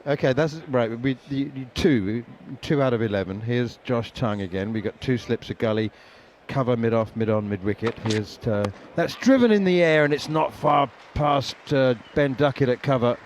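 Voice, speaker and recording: A man giving ball-by-ball radio cricket commentary, chatty and quick to laugh, with plenty of ums and uhs. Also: medium pitch, slight background noise.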